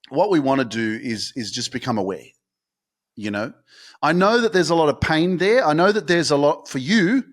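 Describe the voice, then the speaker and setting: A man hosting a motivational podcast, talking intensely and swearing often, swinging from shouts to hushed tones. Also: fairly high pitch, lively intonation, moderate pace. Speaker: podcast host.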